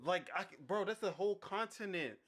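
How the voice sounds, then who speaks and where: A man's voice: high-pitched, expressive, fairly quick, a bit bright. A man co-hosting a gaming podcast, joking and reading a list with asides. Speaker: podcast co-host. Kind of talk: casual chat.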